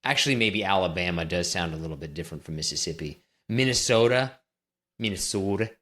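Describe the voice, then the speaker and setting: Sarcastic cohost dude, ranty and exasperated, voice jumps all over. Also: male voice, low-pitched, expressive, a little fast, sharp tone. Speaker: podcast co-host. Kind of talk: casual banter.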